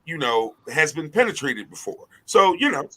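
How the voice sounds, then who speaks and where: A male podcast host with a lively, swooping delivery and a bright, forceful tone. He jokes, laughs often and swears freely in relaxed chat. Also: on the high side, moderate pace, rough recording. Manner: animated, joking, laughs often, profane. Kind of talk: casual chat.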